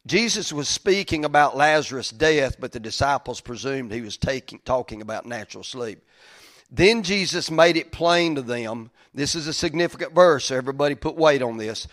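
A man preaching a sermon in a folksy, conversational way, stuffy from crying, who builds up to loud, emphatic stretches. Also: mid-range voice, lively intonation, a little fast. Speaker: pastor.

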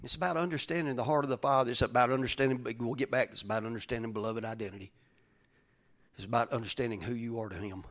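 A man preaching a folksy sermon as pastor, swinging from loud calls to hushed whispers. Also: mid-range voice, steady tone, fast.

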